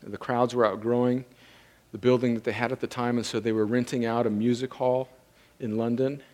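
A man preaching a sermon as pastor, intense, rising from conversational talk to impassioned, shouted pleading. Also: medium pitch.

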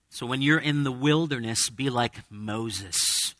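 A man's voice: mid-range voice, a little slow, hardly any pauses, pushed and bright, no echo, studio quality. A man preaching a sermon as pastor, conversational, with dramatic quoted asides. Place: church with a congregation.

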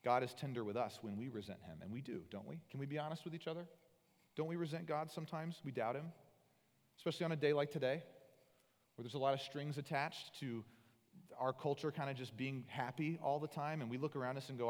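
A male pastor delivers a sermon in an earnest voice of middle pitch. He leans hard into emphatic lines, then drops to soft, intimate tones. His voice carries a long reverb tail, as in a large hall. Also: fairly quick. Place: church sanctuary.

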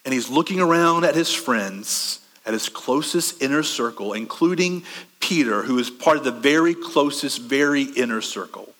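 A man preaching a sermon conversationally, asking the room questions and swinging between quick bursts and slow, soft stretches. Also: mid-range voice, expressive, big-room sound. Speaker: pastor.

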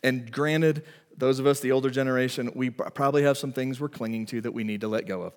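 A middle-aged male pastor delivers a sermon with a middle-pitched voice. He tells stories in an animated, emphatic way. His voice rings with the long reverb of a church hall. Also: quick pace.

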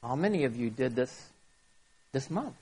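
A man preaching a sermon as pastor, swinging from loud emphasis to quiet asides. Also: medium pitch, sing-song, moderate pace, breathy edge.

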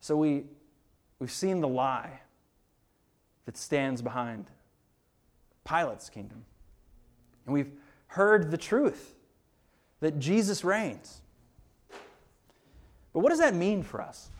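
Male pastor preaching a sermon, earnest and emphatic with repeated words, voice sitting a touch high. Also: lively intonation, takes it slowly, long pauses.

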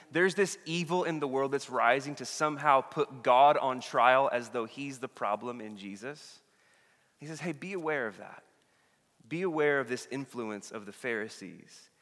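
A man preaching a sermon with a bright, forceful voice. He moves from loud, acted-out dialogue to hushed reflection. His words carry a long reverb, as in a large hall. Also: mid-range voice. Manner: animated, acts out the people in the story with voices. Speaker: pastor.

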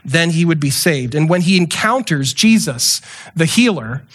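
A male preacher with a somewhat high voice, talking through a scripture passage. He keeps it conversational and animated, slipping into quick acted-out asides. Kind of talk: sermon.

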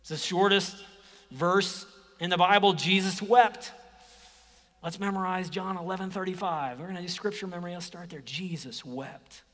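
A man preaching a sermon as a pastor, dropping to hushed whispers and rising to loud emphatic exclamations, acting out quoted speech. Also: high-pitched, moderate pace, big-room sound. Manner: acts out quoted speech in lively voices.

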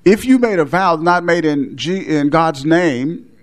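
A man's voice: a little high, lively intonation, a little slow. A man preaching an expository sermon, explaining a Bible passage with frequent restarts and short laughs.

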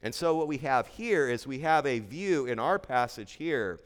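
A man's voice: mid-range voice, animated, moderate pace. Earnest male pastor in a reverberant hall. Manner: earnest, emphatic, repeats key phrases. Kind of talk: expository sermon. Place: church sanctuary. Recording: long church-hall reverb.

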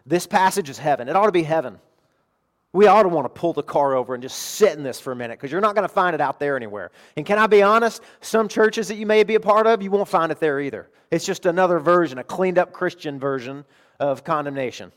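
A middle-aged man preaching a sermon as pastor, emphatic and animated, dropping to quiet asides between bursts. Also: fairly high pitch, fast talker.

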